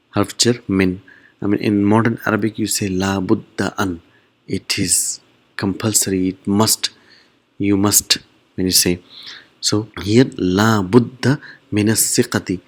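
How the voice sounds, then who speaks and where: A man teaching an Arabic grammar lesson, explaining patiently, repeating key phrases and jumping up in pitch on words he stresses.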